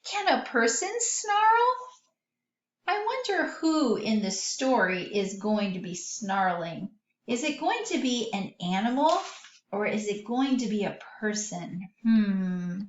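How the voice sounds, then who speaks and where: A woman's voice: on the high side, expressive, slow pace. Woman teacher for a kids' vocabulary lesson, patient and sing-song, recorded in an echoey room with dull audio.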